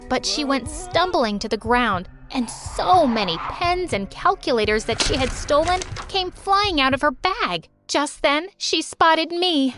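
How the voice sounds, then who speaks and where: A woman narrating a first-person animated story in a dramatic, expressive way. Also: sits high, unhurried, hardly any pauses, music in the background.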